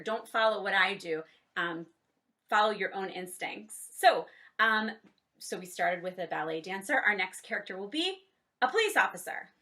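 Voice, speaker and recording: With a bright, forceful tone, a woman leads kids through an online drama lesson. She calls out "ready, set, go" to start exercises and shows off high, low and silly voices.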